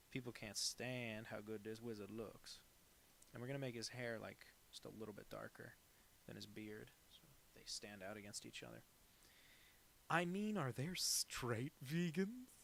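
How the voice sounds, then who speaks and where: A man's voice: lowish voice, vocal fry, fairly bright tone, slight background noise. A man chatting casually on a live stream while drawing, rambling and self-deprecating with lots of asides. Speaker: cartoonist streaming a drawing session.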